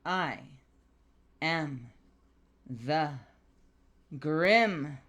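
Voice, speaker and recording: Woman streamer, slightly low voice, chatty and excitable, casual swearing, laughs a lot while signing. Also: drawn-out words. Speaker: voice actor streaming an autograph signing.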